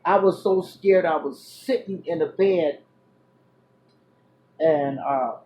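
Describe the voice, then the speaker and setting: Woman vlogger, casual storytelling, animated, loud exclamations and hushed asides, chatty with restarts. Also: low voice, slow pace, lo-fi sound, a little hiss or hum. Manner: chatty, many fillers and restarts.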